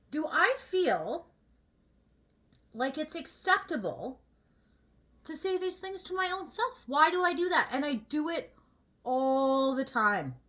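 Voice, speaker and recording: Woman, vlogger, casual get-ready chat, fairly high voice, bright tone, candid, emphatic.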